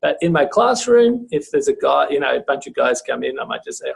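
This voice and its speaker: A teacher chatting on a podcast, animatedly acting out classroom dialogue in shifting voices. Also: male voice, a little fast, creaky, few pauses. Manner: animated, acts out dialogue in high and low voices. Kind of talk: casual chat.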